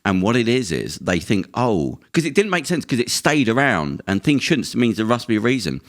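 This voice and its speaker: A man's voice: mid-range voice, big pitch swings, fairly quick, a bit bright. A man hosting a podcast, rambling through explanations with many restarts in casual chat. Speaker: podcast host.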